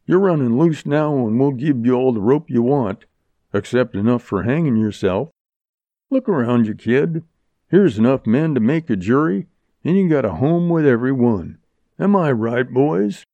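A man voicing a quarrelsome bearded outlaw, blustering in a rough drawl. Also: mid-range voice, expressive, moderate pace, mellow, no echo, voice pushed up, natural voice. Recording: dull lo-fi audiobook recording.

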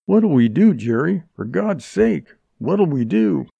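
A man's voice: on the high side, big pitch swings, slow, creaky, warm tone, husky, no echo, pitched above the performer's own voice, heavily acted. A man reading an audiobook, voicing a frightened, cowardly young man among outlaws. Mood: panicky. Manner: anxious, pleading. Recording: dull lo-fi recording.

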